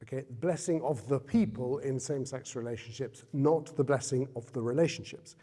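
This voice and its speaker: A man speaks conversationally to an audience as a guest speaker, now and then turning questions back on his listeners. His voice is mellow and relaxed. It is heard through a hall with a long, echoing reverb. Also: mid-range voice, moderate pace, husky. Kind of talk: public talk to an audience. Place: Jesuit centre hall.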